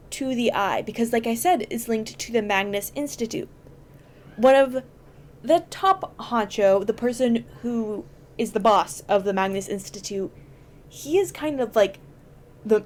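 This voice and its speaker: A woman's voice: fairly high pitch, darkish tone. A woman hosting a podcast, chatting casually and explaining at length with enthusiasm and plenty of fillers. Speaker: podcast host.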